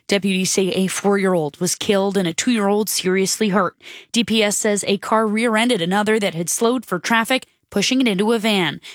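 A woman reading a radio newscast as the station's anchor, in a crisp, even newsreader delivery. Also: mid-range voice, no echo, clean studio sound. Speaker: news anchor.

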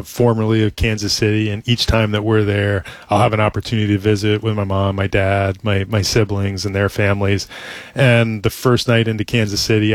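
A middle-aged man speaks with a somewhat low voice in a relaxed interview, earnest and halting. He circles back through restarts and frequent "you know"s as he talks shop like a team executive. The sound is dry and close, with no room around it. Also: no room sound. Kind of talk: casual interview talk.

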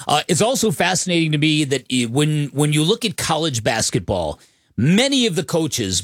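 A man co-hosting sports talk radio, rambling and halting with many restarts. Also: fairly high pitch, a bit bright, no echo, clean studio sound.

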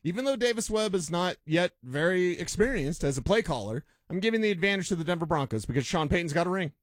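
A man's voice: high voice, lively intonation, quick pace, no room sound. Opinionated male sports co-host. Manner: opinionated, emphatic. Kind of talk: casual sports debate.

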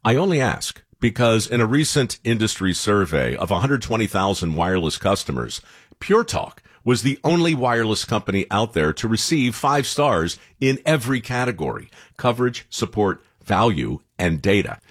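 A man giving a persuasive, emphatic sales pitch in a radio ad. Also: very animated, moderate pace, no room sound, clean studio sound. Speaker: ad announcer.

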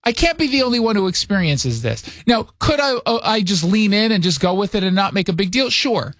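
Sarcastic male host from New York, animated, exasperated rant, dry close sound. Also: high voice, brisk, no room sound. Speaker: radio and TV host. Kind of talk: casual on-air chat.

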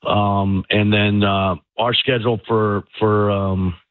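A man, a high school football head coach, talking in a relaxed way with lots of fillers during a phone-in interview. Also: slow, dry recording. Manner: relaxed, many fillers like "you know" and "um". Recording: tinny phone line.

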